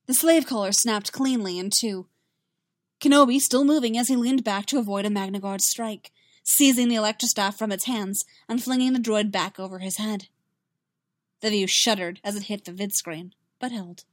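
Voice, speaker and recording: A woman narrating a science fiction story in a steady, expressive reading. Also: medium pitch, normal speed, no room sound, clean studio sound. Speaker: reader. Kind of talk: fan fiction audiobook narration.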